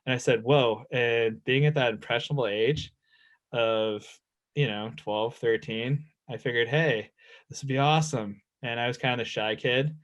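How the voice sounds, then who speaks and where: Man, 30s, guest snowboarder; relaxed, rambling storyteller. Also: mid-range voice, normal speed. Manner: laid-back, rambling, lots of fillers. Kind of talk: casual storytelling chat.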